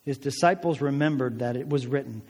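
A man preaching a sermon, telling the story in a conversational, animated way and asking many rhetorical questions. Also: medium pitch, fairly quick, husky, in a large hall. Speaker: pastor.

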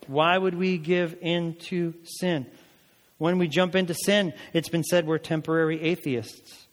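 Preaching man in a reverberant hall. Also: a little high. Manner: reads scripture aloud with deliberate emphasis, then explains it plainly. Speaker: pastor. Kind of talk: sermon. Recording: long reverb of a large hall.

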